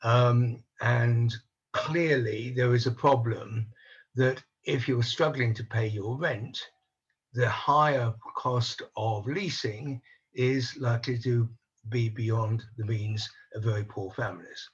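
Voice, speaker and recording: An older man speaking on a conference panel over a video call, measured and analytical, voicing doubts in a deliberate way. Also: mid-range voice, steady tone, husky, dull audio. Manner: measured, analytical, openly skeptical. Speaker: panel speaker on housing policy. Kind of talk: online conference talk.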